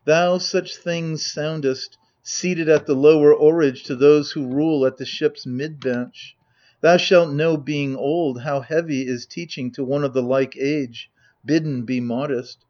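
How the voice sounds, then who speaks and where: A man reading the lines of a gloating usurper in a proud, measured declaiming manner. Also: on the high side, fairly even intonation, a little mellow, highs cut off, close to an everyday voice. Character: gloating usurper, avenger of his father.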